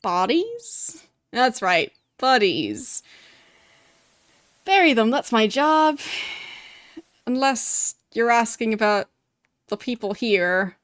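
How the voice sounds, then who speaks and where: A woman's voice: fairly high pitch, sing-song, slow pace, pauses often, fairly bright tone, no room sound, clean studio sound, heavily acted. A woman voicing a scruffy but dapper male graveyard keeper in a thick put-on accent, evasive and defensive about his work. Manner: puts on a thick gruff accent.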